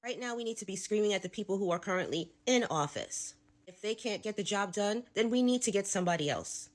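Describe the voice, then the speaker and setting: A woman's voice: medium pitch, lively intonation, brisk. A woman creator giving blunt, firm response commentary.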